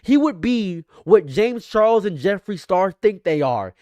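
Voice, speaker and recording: Brief: male streamer doing reaction commentary, excitable, incredulous, voice a bit high, dry close-miked sound. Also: moderate pace, dry recording. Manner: excitable, incredulous, jumps up loud and high in outbursts.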